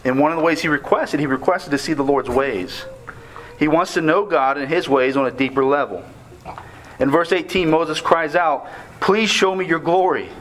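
A man preaching a sermon on a scripture passage, earnest and measured, slowing down to stress key words. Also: on the high side, a bit bright, slight background noise, poor audio.

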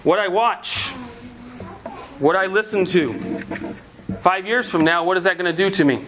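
A man's voice: sits high, unhurried, noisy background. A man preaching a sermon as pastor, asking the congregation earnest rhetorical questions.

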